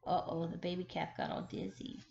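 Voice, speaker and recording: A woman kindergarten teacher reading a picture book aloud, expressive and stopping to ask the children questions. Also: on the low side, brisk, vocal fry. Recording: echoey room, slightly dull sound.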